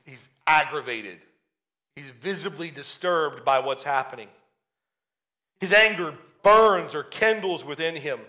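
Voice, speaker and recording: A man preaches an animated sermon, retelling a story and acting out its characters as he goes. His voice sits high. Its tone is bright and forceful. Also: a little slow.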